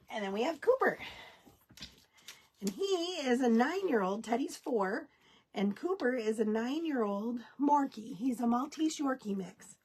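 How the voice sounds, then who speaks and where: A woman's voice: fairly high pitch, expressive, measured pace, a little mellow, slightly rough. A woman hosting a live craft tutorial, chatting folksily with viewers as she works. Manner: baby talk to her dogs. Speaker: craft kit host.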